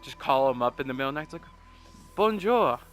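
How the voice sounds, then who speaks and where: Talking very fast over faint background music, a young gamer rambles and jokes through a let's play, sometimes putting on mock voices. His medium-pitched voice stays fairly even in intonation.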